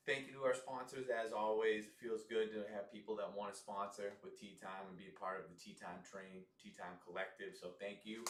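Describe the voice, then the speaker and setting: A man's voice: lowish voice, flat delivery, a little fast, echoey room, a little hiss or hum. A man hosting a live football watch-along, chatting loosely, reacting to plays and doing a jokey sponsor read. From United States. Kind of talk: casual live game commentary and reactions.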